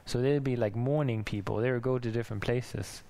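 A man delivering a sermon in a relaxed, conversational way, musing aloud as he goes. His voice sits at an ordinary pitch with a gravelly rasp running through it. He restarts his phrases and laughs softly now and then. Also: brisk. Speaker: preacher. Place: church in Denmark.

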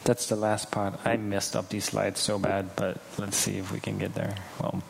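A man's voice: fairly low pitch, little pitch movement, normal speed, vocal fry, a little hiss or hum. A man preaching a sermon earnestly, acting out quoted people now and then, in a church hall. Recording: hall reverb with faint ambience.

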